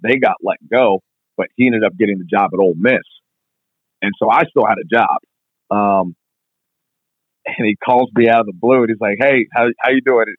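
A strength coach being interviewed, telling stories in a fast, casual way full of "like". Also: male voice, fairly low pitch, no room sound. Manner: fast, filler-heavy, constant "like". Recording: tinny phone-like line, dry.

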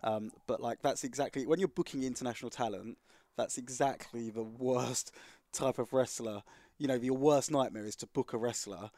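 A man co-hosting a podcast who books wrestlers, talking casually, full of fillers and quick questions. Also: medium pitch, darkish tone, dry recording. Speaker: podcast co-host, wrestling booker. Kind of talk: casual chat.

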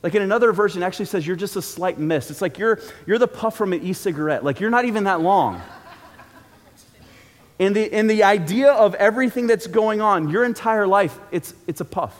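A man's voice: high voice, animated, fairly quick. A man preaching a sermon in a church auditorium, in a casual, joking, conversational way. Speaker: pastor. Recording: long reverb from a large hall.

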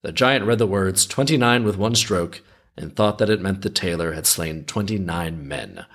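A man's voice: low-pitched, normal speed, a bit bright. A man hosting a storytelling show, reading a folk tale aloud and breaking off for wry, skeptical, rambling asides. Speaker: podcast host reading folk tales. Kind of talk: storytelling with casual commentary.

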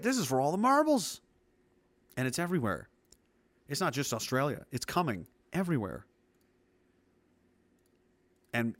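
A man delivering a heated, profane monologue of political commentary, emphatic and fast to anger. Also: a little high, a bit bright, no echo. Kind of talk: ranting monologue.

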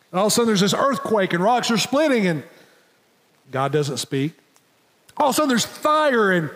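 A man's voice: high voice, long reverb tail. A man preaching a sermon as pastor, emphatic and rising in intensity, acting out the lines of the story in his own voice. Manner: emphatic preaching, voices God and Elijah in quotes.

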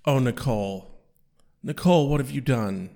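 A man's voice: medium pitch, moderate pace, warm tone. A man co-hosting a podcast in casual chat, mock-exasperated and swearing casually. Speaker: podcast co-host.

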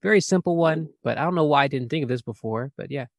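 Dude reading fan questions on a podcast, kinda high voice, laughs a lot, dry close sound. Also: male voice, fast, vocal fry, no room sound. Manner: laughing, jokey, acts out bits in whispers. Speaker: podcast co-host. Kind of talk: casual chat.

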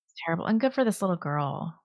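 A woman's voice: on the low side, animated, fast, gravelly, no echo, studio quality. A woman co-hosting a podcast, chatting bluntly and caustically about the news. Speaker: podcast co-host. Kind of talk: casual political chat.

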